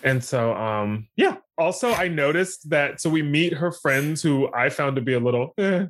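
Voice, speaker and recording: A man's voice: fairly high pitch, moderate pace. A man co-hosting a podcast, chatting casually and playfully while recapping a movie. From Texas. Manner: chatty, animated, playful and joking. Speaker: podcast co-host.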